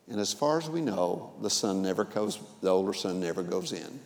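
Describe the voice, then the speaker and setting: A man preaching a sermon, retelling a parable with vivid acted-out quotes that swing between loud and soft. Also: low voice, expressive, normal speed, few pauses, in a large hall. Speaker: pastor. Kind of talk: sermon storytelling.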